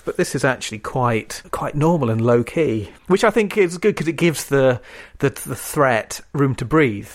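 A man co-hosts a podcast and talks fluently and with enthusiasm in a relaxed chat. His voice sits at a middling pitch. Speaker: podcast co-host. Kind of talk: casual chat about an old TV series.

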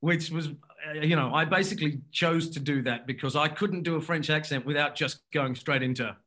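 A man's voice: a little high, bright, forceful tone. A man chatting casually as a guest, rambling through a story with frequent restarts and laughs. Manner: rambling, self-interrupting, quick to laugh. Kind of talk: casual anecdotal chat.

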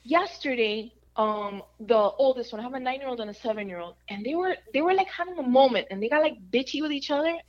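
A woman chatting casually on a podcast, telling lively family stories and slipping in Spanish phrases. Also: high-pitched, fast, hardly any pauses. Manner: animated storyteller, mixes Spanish phrases. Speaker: radio host guest. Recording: dull lo-fi audio.

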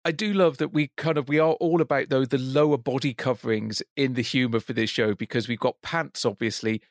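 A British man co-hosting a podcast, telling stories in a relaxed, wry casual chat. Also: medium pitch, brisk, no echo, studio quality. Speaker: podcast co-host.

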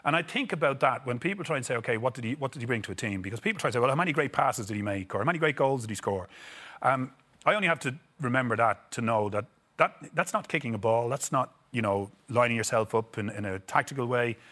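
A man's voice: mid-range voice, animated, fast talker, sharp tone. A middle-aged Irish man, a former footballer, telling stories in an interview, rambling and repeating words as he acts out quotes. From Ireland. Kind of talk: casual storytelling interview.

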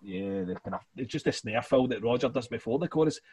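A man hosts a casual music chat with a husky, slightly rough voice, halting and rambling through fillers as he goes. He sounds a bit tipsy, and the sound is dry and close, with no room around it. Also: medium pitch, expressive, a little mellow, no echo. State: a bit tipsy after two beers. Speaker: podcast host.

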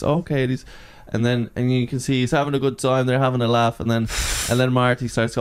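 Halting man with a smooth voice. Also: medium pitch, little pitch movement. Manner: halting, repeats words, says "you know" often. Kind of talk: casual chat.

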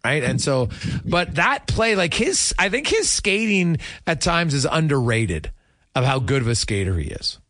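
A man's voice: on the high side, sing-song, moderate pace, fairly bright tone, no echo, clean studio sound. A man hosting sports radio, chatting casually about hockey and reading out listener messages.

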